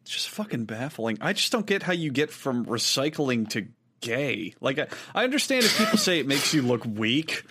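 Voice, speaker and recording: A man in casual podcast banter who trips over his words with repeated "I, I" restarts. He swears freely, and his voice sits at an ordinary middle pitch. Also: sing-song, moderate pace, few pauses, sharp tone, breathy edge. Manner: stammering restarts, frequent swearing. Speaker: podcast co-host.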